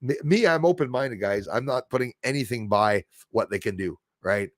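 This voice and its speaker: Male livestream host, rambling and animated, average-pitched voice, very dry close sound, chats to viewers between restarts. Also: normal speed, no echo. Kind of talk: rambling livestream chat reading viewer comments.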